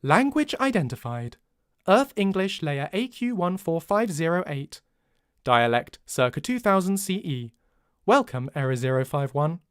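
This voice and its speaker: A man doing a flat monotone alien computer. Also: clean tone, no echo, studio quality. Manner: slow, unmodulated, no rising pitch on questions.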